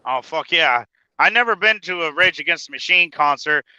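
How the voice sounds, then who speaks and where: A man's voice: a little high, expressive, moderate pace, sharp tone, smooth, dull audio. A man in casual chat who swears constantly, laughs a lot and stumbles over his words while driving his truck. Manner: profane, laughs often, stammers when telling a story. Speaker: podcast host.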